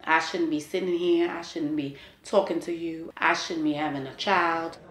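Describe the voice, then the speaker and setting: A woman's voice: low-pitched, fairly even intonation, moderate pace, a bit bright, echoey room. A woman in her forties telling a personal testimony in a candid, earnest way, full of "you know" and "like". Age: 40s. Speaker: interviewee sharing a personal testimony. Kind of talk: emotional personal storytelling.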